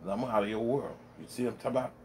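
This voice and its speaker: A man's voice: mid-range voice, very fast, a little mellow, a little hiss or hum. A middle-aged man rambling bluntly in a casual monologue, full of profanity, recorded at home in his man cave. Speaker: vlogger.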